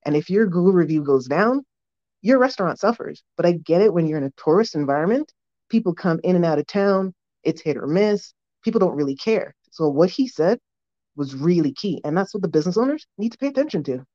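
A woman's voice: on the low side, lively intonation, brisk, warm tone. A woman calling in from Toronto, earnestly explaining her view. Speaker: caller. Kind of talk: phoned-in opinion. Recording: dull lo-fi phone line.

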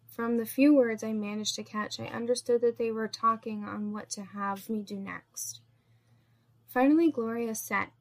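A woman narrating a first-person story in a steady, measured reading. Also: on the high side.

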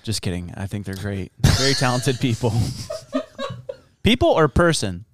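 A man in a casual podcast chat who teases with deadpan jokes. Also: medium pitch, moderate pace, noisy background.

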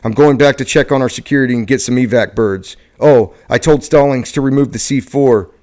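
A man's voice: mid-range voice, brisk, natural voice. A man reading aloud and voicing a Marine captain who barks curt orders to his men. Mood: commanding. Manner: curt barked orders, softening to gentle. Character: Marine captain commanding troops after a disaster.

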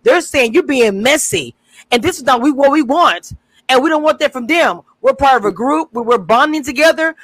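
A woman's voice: high voice, expressive, normal speed, a bit bright, no echo, poor audio. Blunt, emphatic woman with a dry sound. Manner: emphatic, blunt, agreeing often. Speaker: review panelist. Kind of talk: casual panel discussion.

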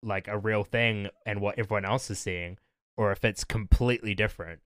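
A man's voice: on the low side, steady tone, fairly quick, a bit bright, no echo. Hesitant young man, dry close sound. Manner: hesitant, recounts personal experience. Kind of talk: casual chat.

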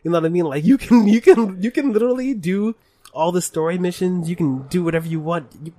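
A tipsy man rambling excitedly in a casual podcast chat and swearing often. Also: high-pitched, quick pace, dry recording. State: tipsy from drinking. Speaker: podcast co-host.

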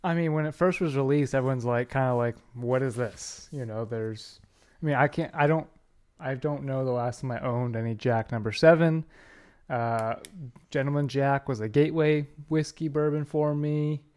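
A man's voice: medium pitch, normal speed, a little mellow, smooth. A man co-hosting a casual podcast, playful and chatty. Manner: playful, goofing with his co-host. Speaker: podcast co-host. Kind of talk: casual chat.

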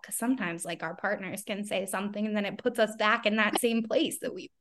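A woman's voice: medium pitch, steady tone, brisk, hardly any pauses, fairly bright tone. A woman hosting a podcast who talks in a reflective, casual way, laughing easily and often saying "you know". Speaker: podcast host.

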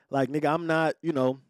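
A man's voice: medium pitch, dry recording, studio quality. Blunt, profane man telling a story. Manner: profane, blunt, laid-back, with many "you know what I'm saying" tags. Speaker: podcast host. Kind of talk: candid personal storytelling. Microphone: podcast microphone.

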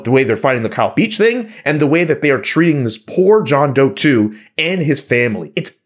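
A man's voice: medium pitch, expressive, fairly quick, hardly any pauses. A man speaking as a panelist in a heated discussion, talking in an impassioned, worked-up way. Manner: impassioned, fired up.

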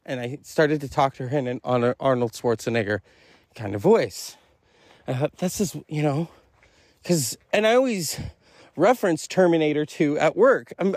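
A man rambles through a solo podcast monologue, amused at his own jokes and dropping profane asides. His voice sits fairly high and swings widely in pitch. The recording is dry, with no room sound. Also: darkish tone, dry recording. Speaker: podcast host.

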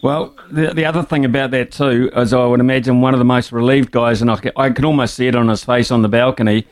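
A man hosts a sports radio show with dry, joking banter. His voice is smooth and clear, at an ordinary pitch, with frequent hesitant fillers. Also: steady tone, fast talker. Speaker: radio host. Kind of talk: casual radio chat.

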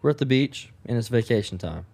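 A young man hosting a podcast in casual chat, easygoing and relaxed as he talks with friends. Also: mid-range voice, a little fast, gravelly. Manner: relaxed, easygoing, wraps up the show. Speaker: podcast host.

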